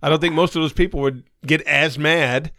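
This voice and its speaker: A man's voice: fairly high pitch, steady tone, normal speed, pushed and bright, no room sound, clean studio sound. A man co-hosting a podcast in crude, casual banter, blunt and provocative with frequent swearing. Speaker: podcast co-host.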